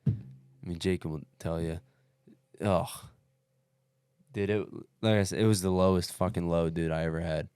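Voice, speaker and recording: On a casual podcast, a co-host with a low, clear, resonant voice recounts his race at a normal speed, swearing freely and acting out what others said. He keeps calling people dude and bro in his animated retelling. The clean studio recording has no room sound.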